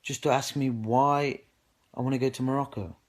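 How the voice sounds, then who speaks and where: An indignant man with a British English accent tells his own story straight to camera, his voice sitting at an ordinary middle pitch. He talks in an aggrieved, personal way, retelling what happened and quoting his own words again and again. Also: steady tone, moderate pace. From United Kingdom. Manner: indignant, recounting with repeated "I go" quotes of himself. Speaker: man speaking out on social media.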